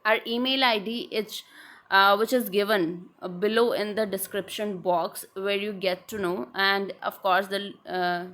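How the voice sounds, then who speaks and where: A woman's voice: mid-range voice, fairly even intonation, measured pace, fairly bright tone. Lady teaching lit terms, keeps repeating herself, lots of uh and all right then. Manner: repetitive, restating definitions with frequent fillers. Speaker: literature teacher. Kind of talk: explanatory lecture.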